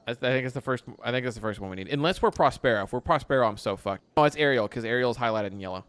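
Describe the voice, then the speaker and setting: A man's voice: mid-range voice, lively intonation, rapid-fire, hardly any pauses, a bit bright, clear, resonant tone. A young man streaming a game live, chatting with his viewers and reading lines aloud in playful theatrical bursts with crude jokes.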